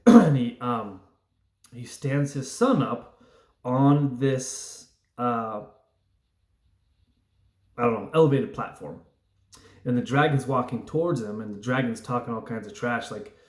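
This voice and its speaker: A man's voice: mid-range voice, roomy sound. A man talking casually to camera, telling a story in a rambling, reflective way right after a workout. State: just worked out, sweaty. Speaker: vlogger.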